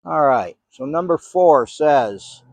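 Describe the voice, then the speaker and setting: A man's voice: a little high, lively intonation, a little mellow, dry recording. Older man calling to spirits, dry sound. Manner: slow, patient, questioning. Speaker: paranormal investigator. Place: cemetery outdoors in the rain.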